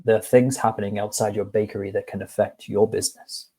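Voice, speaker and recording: Man doing a deep-voiced lecturing pigeon. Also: steady tone, a little fast, mellow, husky. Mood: insistent. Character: pompous deep-voiced male pigeon messenger.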